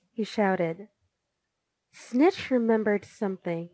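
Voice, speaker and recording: A woman narrating a children's storybook in an expressive reading. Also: mid-range voice, no room sound. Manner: slow, expressive.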